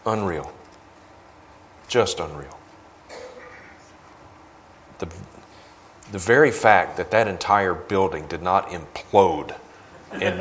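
A man's voice: low-pitched, slight background noise. A man preaching as a guest speaker, indignant and emphatic, repeating phrases for force. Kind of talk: sermon with video commentary.

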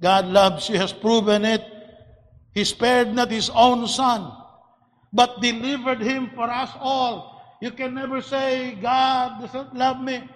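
Preacher, very high voice, shouts for emphasis, repeats words, long hall echo. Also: male voice, fairly even intonation, takes it slowly. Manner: swings from quiet to shouted emphasis; repeats and restarts words while building points. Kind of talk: sermon.

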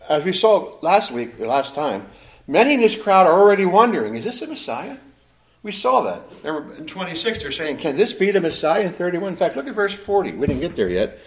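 A male pastor delivering a sermon in a lively, animated way. His voice sits a bit high for a man and swings widely in pitch. He leans on emphatic pauses and repeats phrases for effect.

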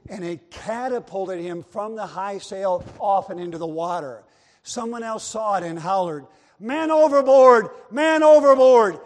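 A man preaching a sermon emphatically, with repeated phrases and a story told from the pulpit. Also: sits high. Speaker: Baptist preacher. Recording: long reverb of a large hall.

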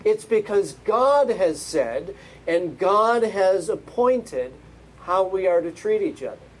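A male pastor delivers a sermon in a notably high voice. He speaks slowly and deliberately, pressing his listeners with emphatic rhetorical questions. Each phrase is given time to land. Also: sing-song, rough recording.

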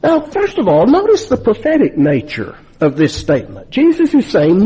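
Husky, lively preaching man. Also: high voice, moderate pace, few pauses. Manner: emphatic, rhetorical questions. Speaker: pastor. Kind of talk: sermon.

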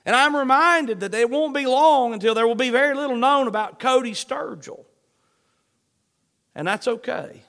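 A man's voice: very high voice, normal speed, a bit bright. A male pastor preaching an online sermon in an earnest, emphatic way, repeating his refrains.

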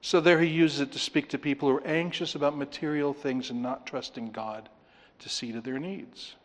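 A man preaching an expository sermon, animated, acting out the voices of the people he talks about. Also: on the high side, moderate pace, big-room sound. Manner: animated, acts out voices of the disciples. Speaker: pastor.

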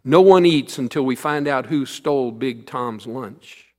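A man voicing a firm but kindly male schoolteacher who speaks in a measured way. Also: mid-range voice, a little mellow, close to an everyday voice. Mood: stern.

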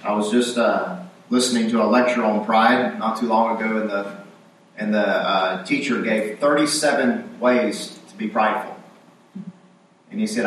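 A man's voice: on the low side, normal speed, pauses often, fairly bright tone, slight background noise. Echoey, distant man preaching a sermon. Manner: conversational preaching, acting out quoted lines with rising emphasis.

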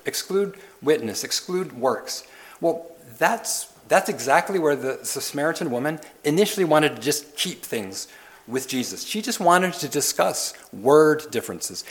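A man preaching a sermon as pastor, pressing his listeners with questions and repeated lists. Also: mid-range voice. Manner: questioning, building emphasis through repetition.

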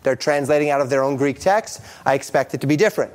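A man teaching a Bible lesson on Greek grammar, reading translations aloud, speaking haltingly with many ums and restarts. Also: mid-range voice. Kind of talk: screen-share Bible lesson.

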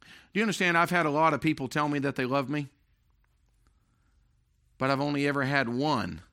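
Bright-voiced preaching man, emphatic. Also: on the high side, normal speed, pauses often. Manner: emphatic preaching with swings from loud to hushed. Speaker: pastor. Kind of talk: sermon.

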